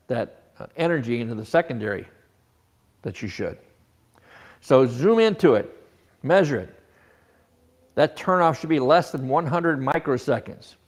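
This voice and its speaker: A man teaching an automotive technical seminar, explaining scope patterns with rhetorical questions and frequent restarts. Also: medium pitch.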